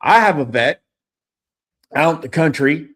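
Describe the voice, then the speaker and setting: Animated high-voiced man. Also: a little slow. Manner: animated, emphatic, blunt, swears freely. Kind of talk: casual storytelling.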